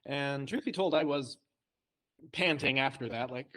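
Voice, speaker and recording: A man, a high school English teacher, chatting casually and telling self-deprecating stories with frequent laughs. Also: moderate pace, fairly bright tone. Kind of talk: casual chat.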